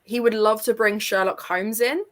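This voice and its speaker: A young woman co-hosting a casual chat, excitable and quick to laugh, swearing freely. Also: on the high side. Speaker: podcast co-host.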